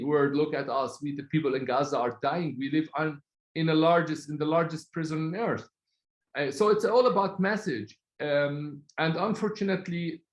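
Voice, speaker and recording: A man from Palestine, speaking as a guest in an online talk in an earnest, halting way, often searching for words. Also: fairly high pitch, reverberant, poor audio.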